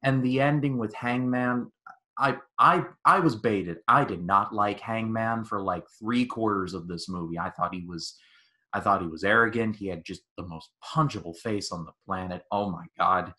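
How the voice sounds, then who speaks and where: A man's voice: on the low side, moderate pace. A man co-hosting a podcast, eagerly reviewing a film in casual chat and acting out its lines. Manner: excited, acts out quotes with many restarts. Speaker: podcast co-host.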